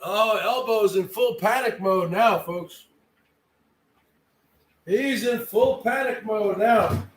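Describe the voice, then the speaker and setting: A man's voice: high voice, takes it slowly, slightly rough. A man hosting his own livestream, ranting in a brash, mocking way with plenty of swearing. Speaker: livestream host. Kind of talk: boastful rant.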